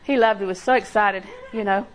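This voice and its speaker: A woman's voice: medium pitch, fairly even intonation, fast, background noise. An older woman preaching a sermon in a folksy storytelling way, acting out little quotes and laughing along. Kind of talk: sermon with homey stories.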